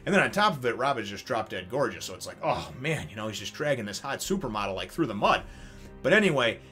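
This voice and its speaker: A man's voice: mid-range voice, fast, soft background music. Rambling, swearing man reviewing manga. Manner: rambling, swears, many fillers; grows loud and excited when retelling action.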